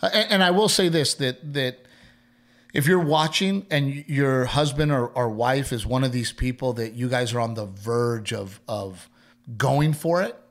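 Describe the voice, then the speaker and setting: A man from Texas with a Texan accent, co-hosting a podcast and telling a story in a lively way, laughing as he acts out what people said. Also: mid-range voice, a little slow. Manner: animated storyteller, laughs through his lines, acts out quoted people. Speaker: podcast co-host. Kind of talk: casual storytelling chat.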